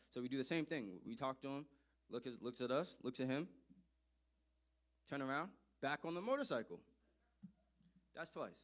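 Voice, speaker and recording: A man in the middle of a storytelling address, speaking at an ordinary, mid-range pitch. He talks with animated emphasis and circles back over his own phrases to drive each point home. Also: normal speed, pauses often. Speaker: speaker telling a personal story.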